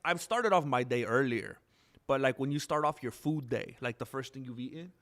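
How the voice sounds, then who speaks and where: A man's voice: medium pitch, expressive, normal speed, fairly bright tone. A man hosting a casual livestream, rambling and reacting to the chat with lots of ums. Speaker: livestream host. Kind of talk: casual live-stream chat.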